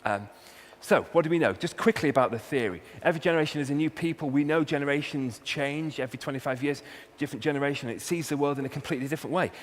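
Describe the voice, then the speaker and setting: A man's voice: fairly high pitch, fast talker, hardly any pauses. A man with a Welsh accent, a university researcher giving a humorous talk and hitting key words with punchy emphasis. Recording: long hall reverb, faint hum.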